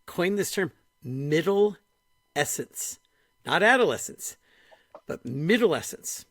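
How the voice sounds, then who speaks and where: Animated man telling stories, dry sound. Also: a little high, takes it slowly, no echo. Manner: animated storyteller, retells dialogue, frequent "like". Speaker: podcast host. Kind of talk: casual conversation.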